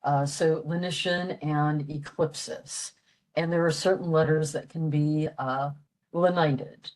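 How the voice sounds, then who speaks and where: In a low-quality recording, a library program presenter from western Pennsylvania, an older woman, gives a patient, explanatory informal talk about language. She speaks slowly in a deep, steady, slightly mellow voice and leans on fillers often.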